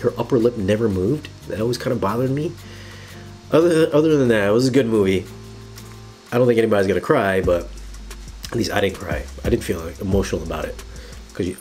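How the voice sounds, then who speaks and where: Casual, opinionated man with a lowish voice. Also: a little mellow. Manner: casual, opinionated, rambling with restarts. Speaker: film and home theater reviewer. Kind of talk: casual live-stream recap.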